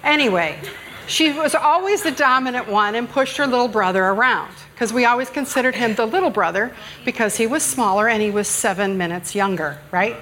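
A woman's voice: on the high side, a little fast, a bit bright. A middle-aged woman preaching a conversational sermon at church, joking and self-deprecating with the congregation. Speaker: guest speaker preaching at church. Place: church sanctuary.

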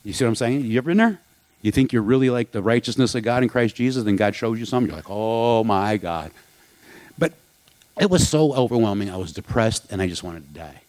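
A man's voice: medium pitch, expressive, quick pace, a little mellow, no echo. A man preaching a sermon in a candid, conversational way, with asides and rhetorical questions. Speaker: pastor.

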